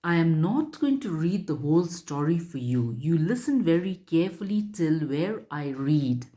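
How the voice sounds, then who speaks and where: A woman teacher reading a story aloud to children and explaining it in a slow, careful, instructive way. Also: low voice, sing-song, warm tone.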